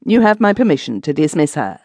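A woman's voice: low voice, big pitch swings, darkish tone, no room sound, studio quality, full character voice. Woman reading as uneasy, hesitant master of the house. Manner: hesitant, straining to sound brisk. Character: uneasy middle-aged male master of the house. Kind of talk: audiobook reading.

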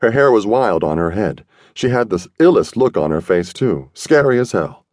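A man narrating a first-person audiobook in a streetwise, slangy, gruff manner. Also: on the low side, lively intonation, normal speed, few pauses, a little mellow, dry recording, studio quality.

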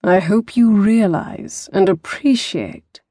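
A charming, teasing young man with a famous reputation as a womanizer murmurs his lines slowly and gently, as a woman narrator voices him. The recording is dry and close. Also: animated, dry recording. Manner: murmuring, slow and low-key. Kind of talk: audiobook character voice.

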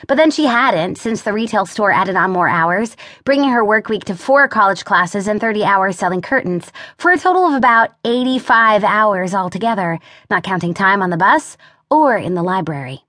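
A woman's voice: medium pitch, a bit bright, no echo. Woman narrating an audiobook, dry studio sound. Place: recording studio. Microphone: close studio mic.

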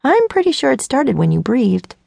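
An awkward teenage girl rambles and blurts out sarcastic jabs, nervous underneath, as a woman narrator plays her. Her voice rises bright and quick with a gravelly rasp at the edges. The recording is dry and close. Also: sits high, very animated, no echo, voice pushed up, exaggerated voice.

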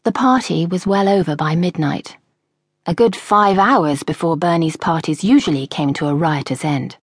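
Audiobook narrator, woman, husky, measured, dry studio sound. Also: fairly low pitch, dry recording. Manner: measured, storytelling.

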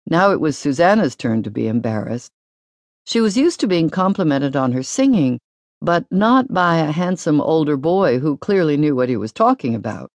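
A woman narrating a novel in a measured, expressive storytelling voice. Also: low-pitched, no room sound. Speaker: audiobook narrator. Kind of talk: scripted narration.

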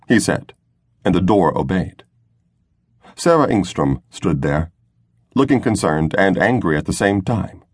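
A man reading a science fiction novel aloud as audiobook narrator, in a measured storytelling manner. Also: deep voice, slightly rough, dry recording, studio quality. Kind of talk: scripted narration.

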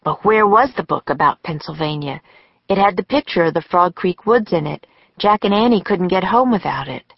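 A woman narrating a children's audiobook in a slow, deliberate storytelling manner, recorded on a close studio mic. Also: on the low side, expressive, gravelly, no echo. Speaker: author and narrator. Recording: dry, slightly dull studio audio.

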